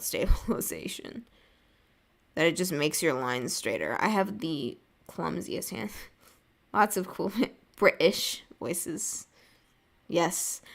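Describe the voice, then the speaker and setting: A woman's voice: sits low, vocal fry, a bit bright. A young woman from the United States chatting casually while drawing on a stream, rambling and laughing often. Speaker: artist streaming a drawing session.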